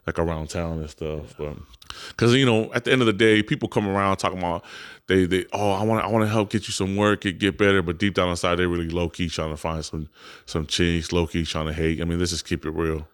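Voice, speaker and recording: A man's voice: low-pitched, steady tone, a little fast, clean tone. A man co-hosting a casual podcast, a boxing coach who talks bluntly in street slang and swears freely. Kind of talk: casual chat.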